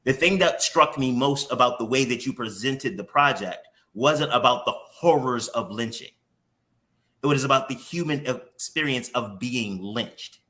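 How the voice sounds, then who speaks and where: A man's voice: mid-range voice, a little slow, bright, forceful tone. A man hosting a morning show interview who talks candidly and openly emotionally, with some casual swearing.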